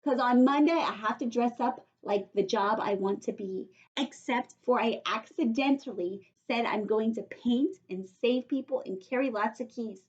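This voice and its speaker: A woman voicing a loud, impatient little girl in a storybook read-aloud, whiny and dramatic. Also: fairly high pitch, normal speed, hardly any pauses, lo-fi sound, natural voice. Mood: excited.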